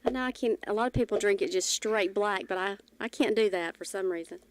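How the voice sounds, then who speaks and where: A woman's voice: medium pitch, a little fast, slight background noise. A woman co-hosting a morning radio show, friendly and teasing with easy laughter. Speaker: radio co-host. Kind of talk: casual radio chat. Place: radio studio.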